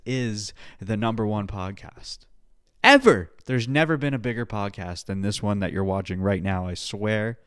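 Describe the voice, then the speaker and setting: A man hosting his own podcast alone, rambling in a profane pep-talk style with sudden loud outbursts. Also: lowish voice, no echo, studio quality. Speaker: podcast host. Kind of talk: casual solo podcast chat.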